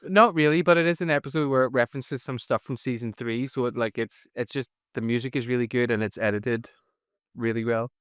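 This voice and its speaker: A man's voice: mid-range voice, fairly even intonation, a little fast, clear, resonant tone, dry recording, studio quality. A man from Ireland co-hosting a podcast, chatting about an episode as an eager, jokey fan. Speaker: podcast co-host. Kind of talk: casual chat about a TV episode.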